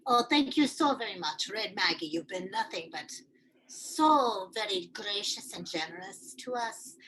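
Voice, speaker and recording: A woman voicing her tabletop hero, a grateful fate witch, in a put-on Irish accent with effusive, drawn-out politeness. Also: mid-range voice, expressive, pushed and bright, a little hiss or hum, poor audio. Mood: gushing.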